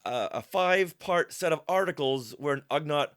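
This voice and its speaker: A man co-hosting a casual podcast, recapping a comic and reading lines aloud with animated, laughing delivery. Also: fairly high pitch, normal speed.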